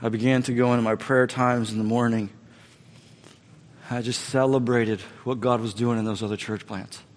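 A pastor preaches in a sermon, acting out the dialogue in his story. His voice sits in the middle range for a man and moves between loud, rising lines and hushed ones. The sound carries the long reverb of a large hall. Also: mid-range voice, level tone, moderate pace.

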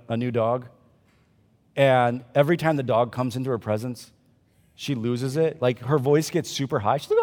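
Male pastor preaching in a reverberant hall. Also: mid-range voice. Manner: dynamic, swings between loud emphasis and quiet asides; conversational, jokey asides to the congregation. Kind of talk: sermon. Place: church service.

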